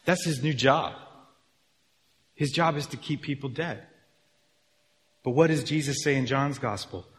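A man preaching a sermon with lively energy, often acting out his listeners' reactions. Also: medium pitch, a little slow, pauses often, long reverb tail. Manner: animated, acts out reactions of listeners. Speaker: pastor.

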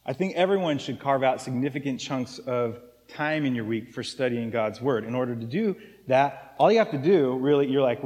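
Casual joking pastor in a reverberant hall. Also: male voice, mid-range voice, brisk, a little mellow. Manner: casual, joking, conversational preaching with fillers. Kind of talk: sermon. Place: church sanctuary.

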